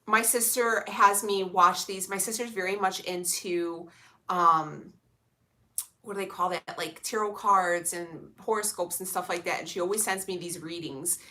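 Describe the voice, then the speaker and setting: A woman's voice: lowish voice, fairly even intonation, unhurried, sharp tone. A young woman chatting casually with her live-stream viewers, sassy and blunt, full of slang and swearing. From Illinois, USA. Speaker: vlogger reading live chat.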